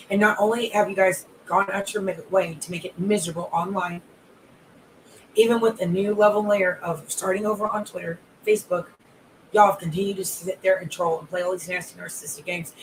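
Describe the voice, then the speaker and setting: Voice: mid-range voice, slight background noise, poor audio. A life and wellness coach hosting a live audio room, speaking with controlled anger and stringing long repetitive lists of grievances. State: calmly enraged.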